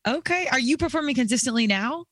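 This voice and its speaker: A woman's voice: sits high, lively intonation, a bit bright, no room sound. A woman hosting a podcast interview, chatting casually and encouraging her guest. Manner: encouraging, quick back-channel replies. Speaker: podcast host.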